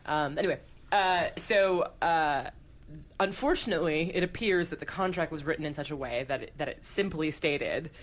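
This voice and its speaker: A woman's voice: deep voice, moderate pace. A woman chatting on a podcast, telling a story in a loose way with lots of fillers. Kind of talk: casual anecdote on a podcast.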